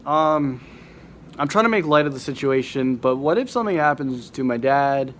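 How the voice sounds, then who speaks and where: A man's voice: medium pitch, lively intonation, a little slow, long pauses, a bit bright, slight background noise. A young man vlogging at a hospital, sounding sick and rambling with many fillers and restarts. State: sick, voice affected by illness. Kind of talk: casual vlog to camera. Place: hospital ward and car at night.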